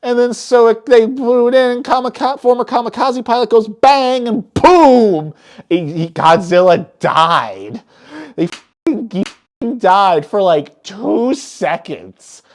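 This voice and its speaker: Excitable woman with a lively, swinging voice. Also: on the high side, slow. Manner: excitable, swears often, trails off mid-phrase. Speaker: movie reviewer. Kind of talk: casual spoiler movie recap.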